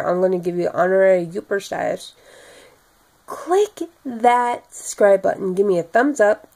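A young woman vlogger, tired and talking in a monotone full of fillers as she wraps up her video. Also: mid-range voice, creaky. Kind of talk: casual vlog sign-off.

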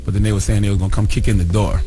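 A man's voice: lowish voice, fairly even intonation, racing, dark tone, soft background music. A man co-hosting morning radio, blunt and teasing in his banter, speaking into a studio mic. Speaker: radio co-host. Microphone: studio microphone.

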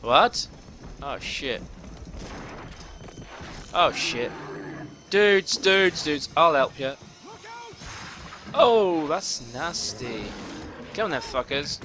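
A man giving profane, excitable gameplay commentary, talking to himself as he plays, with game music behind. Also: a little high, very slow, pauses often. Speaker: gamer playing a video game.

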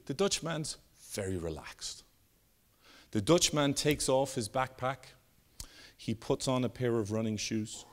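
A man giving a live keynote talk, telling stories and jokes with animated, sweeping emphasis. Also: medium pitch, unhurried. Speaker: keynote speaker. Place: conference stage with an audience.

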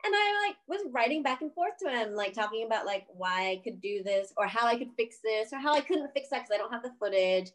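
A woman filmmaker telling a story casually on a video call, chatty and profane, full of "like" and quick laughs. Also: a little high, lively intonation. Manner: chatty, profane, says "like" a lot, laughs often.

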